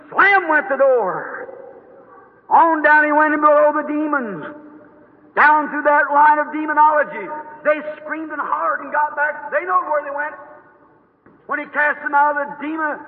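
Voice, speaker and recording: A man preaching a dramatized sermon in a fervent, folksy way. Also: very high-pitched. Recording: echoey hall, tinny lo-fi tape.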